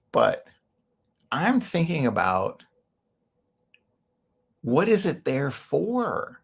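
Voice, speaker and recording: A man's voice: a little high, wildly swooping pitch, very slow, gravelly, long pauses, husky. A man hosting a show, talking in a rambling, opinionated way and laughing often. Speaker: host. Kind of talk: casual monologue.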